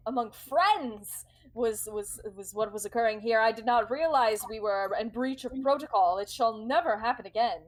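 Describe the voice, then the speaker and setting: A woman voicing a bubbly, confident female elf ship captain who talks in an overeager, gushing way. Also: low-quality recording. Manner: gushing, overeager, high and bright.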